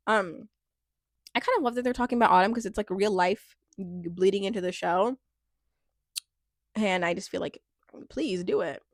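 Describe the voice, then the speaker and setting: A woman's voice: medium pitch, creaky, no echo, studio quality. A woman giving a casual, chatty recap of a reality show, rambling with lots of fillers and acting out quotes with a laugh.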